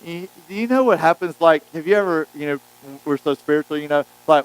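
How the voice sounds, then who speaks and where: Animated preacher, high clear voice. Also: male voice, brisk, rough recording. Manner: animated storytelling, acting out quotes. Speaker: pastor. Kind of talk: sermon.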